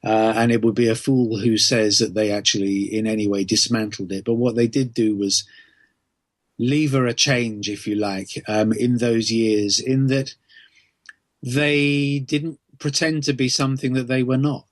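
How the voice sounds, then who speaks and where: A middle-aged Englishman speaks as a guest author on a podcast, choosing his words with care and pausing often on ums. His pitch sits mid-range for a man. The recording is close and dry, with little room sound. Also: steady tone, no echo. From England. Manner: thoughtful, measured, with many ums. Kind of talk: podcast interview answers.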